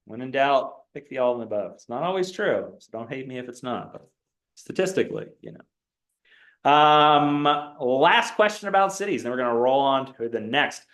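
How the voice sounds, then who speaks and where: A man's voice: medium pitch, lively intonation, normal speed, fairly bright tone. A male instructor running a classroom review quiz, reading out multiple-choice options in a quiz-show rhythm.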